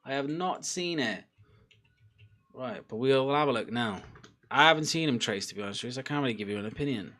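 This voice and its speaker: A young man chatting casually during a live football watchalong, laughing and bursting out loudly at chances. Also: mid-range voice, fast talker. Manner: excitable, laughing, loud outbursts at chances. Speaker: football fan streamer.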